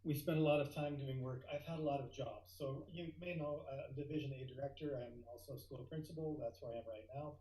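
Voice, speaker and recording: A middle-aged man telling a tall tale as a guest speaker, lively and building to excited outbursts. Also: medium pitch, fast, hardly any pauses, reverberant, poor audio.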